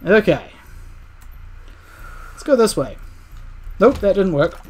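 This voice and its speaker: A man's voice: high voice, big pitch swings, slow pace, darkish tone, a little hiss or hum. A man streaming a video game, chatting casually and sarcastically while he plays. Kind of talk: casual let's-play commentary. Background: game music.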